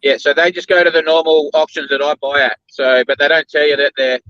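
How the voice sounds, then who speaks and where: A man's voice: a little high, flat delivery, brisk, sharp tone, no room sound. Australian man on dry, dull audio. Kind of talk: casual chat.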